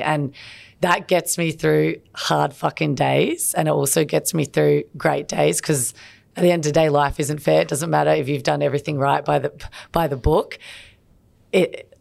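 A woman's voice: deep voice, fairly even intonation, moderate pace, creaky, a little mellow. A woman co-hosting a podcast, a basketball player speaking candidly and emotionally about her family in casual chat. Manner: candid, emotional, personal storytelling. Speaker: podcast co-host.

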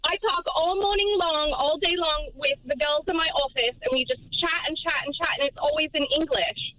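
A high, bright-voiced woman calling into radio, giggly and eager. A faint line noise sits under her voice. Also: a little fast, lo-fi sound. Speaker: caller. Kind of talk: phone-in chat.

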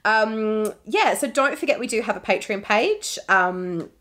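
A pregnant woman in her thirties talks casually as a podcast co-host. She is chatty and keeps breaking into laughter mid-story. Her pitch sits in a middle range for a woman. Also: animated, measured pace, fairly bright tone. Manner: chatty, laughs often while telling stories. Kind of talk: casual chat.

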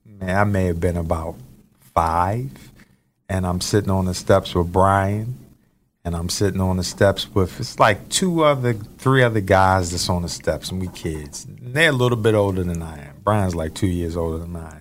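A man's voice: low-pitched, moderate pace, slight background noise. A man telling a personal story in casual chat, hesitant and searching for his words.

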